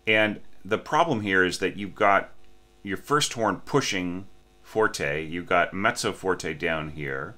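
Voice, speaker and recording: A man with a very low voice and a bright, forceful edge critiques an orchestration score in a halting way full of restarts and "right?" checks. He sometimes sings or breathes out the phrasing, and he sounds a little sleepy. A faint mains hum runs under the recording. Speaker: orchestration teacher.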